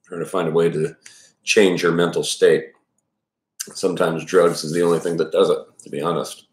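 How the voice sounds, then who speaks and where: A man's voice: deep voice, little pitch movement, normal speed, echoey room. A man giving casual, rambling commentary before reading a novel chapter aloud, full of fillers and restarts. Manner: rambling, many restarts and fillers, self-deprecating.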